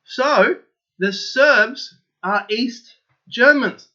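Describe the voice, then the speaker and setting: Excitable high-voiced man, lo-fi sound. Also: very slow. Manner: excitable, insistent, keeps repeating himself. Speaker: channel host. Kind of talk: opinionated solo monologue to viewers.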